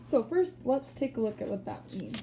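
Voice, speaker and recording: Woman teacher, patient spelling lesson, raised pitch, gravelly edge, faint hiss behind. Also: sing-song, dark tone. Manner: patient, explains step by step; slow deliberate word-by-word sounding out. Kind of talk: spelling lesson for children, recorded video.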